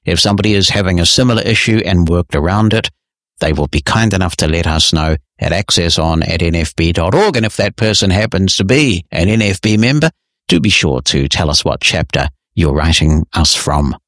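Lowish-voiced male tech podcast host. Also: animated, fairly quick, fairly bright tone, no room sound, studio quality. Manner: conversational, explanatory, lightly wry. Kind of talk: answering listener emails on a tech show.

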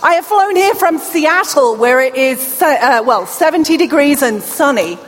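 A middle-aged British woman with a slight deaf accent giving a lively, playful conference keynote, speaking straight to the audience. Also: high voice, normal speed, some chatter behind. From England. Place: large hall before a live audience. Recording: long hall reverb with faint ambient noise.

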